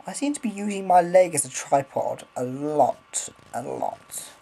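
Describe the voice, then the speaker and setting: A man's voice: sits high, lively intonation, normal speed, warm tone, rough recording. A man rambling casually in a vlog, swearing freely, filming on a handheld camera. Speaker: vlogger.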